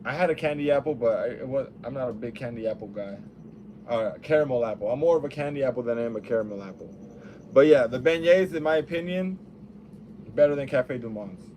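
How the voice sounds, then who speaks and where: A man's voice: medium pitch, quick pace, warm tone, a little hiss or hum. Profane, rambling young man. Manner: profane, rambling, laid-back storytelling. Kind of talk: casual monologue.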